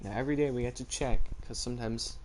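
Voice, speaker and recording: A man's voice: mid-range voice, fairly even intonation, quick pace, a little mellow, a little hiss or hum. Laid-back teenage guy rambling casually. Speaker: vlogger. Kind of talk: casual chat.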